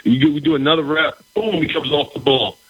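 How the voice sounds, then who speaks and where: A middle-aged man, a former pro football player, telling a story in a casual conversation, animated, often restarting his phrases and asking "right?". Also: fairly high pitch, brisk, slightly rough, no room sound. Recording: dull, slightly lo-fi recording.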